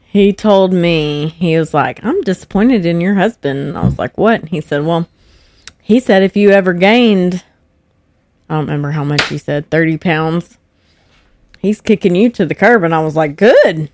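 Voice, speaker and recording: The podcast host's wife, a young woman, appears as a guest, speaking at normal speed with a fairly low pitch. She tells stories in an easygoing, animated way, imitating what people said. The sound is clean studio audio without echo.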